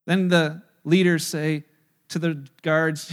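A man preaching a sermon, retelling a story and acting out the quotes in lively voices, sometimes dropping to a hushed tone. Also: on the high side, slow. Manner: animated storyteller, voices crowd quotes, drops to hushed tones. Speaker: pastor. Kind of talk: sermon with acted-out dialogue.

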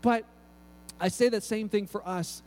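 A male pastor delivering a sermon, telling stories with lively acted-out voices and often repeating words as he goes. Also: high voice, moderate pace. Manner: animated storytelling, acts out voices, frequent repeated words.

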